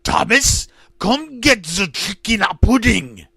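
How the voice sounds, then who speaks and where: A man's voice: high voice, animated, takes it slowly, vocal fry, breathy edge, no echo, studio quality, pitched above the performer's own voice, exaggerated voice. A man voicing a screaming male tyrant type with a thick German accent. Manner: shrieking, shouted lines.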